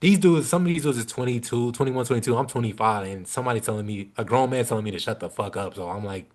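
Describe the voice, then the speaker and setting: A man's voice: mid-range voice, quick pace. Young man telling a story with loose slang. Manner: animated, slangy, swears freely. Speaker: podcast guest. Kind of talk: casual storytelling.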